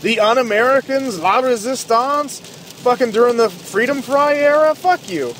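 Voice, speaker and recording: A man's voice: extremely high pitch, normal speed, fairly bright tone, slight background noise. A man hosting a podcast, ranting in heated, sarcastic commentary full of swearing. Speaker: podcast host.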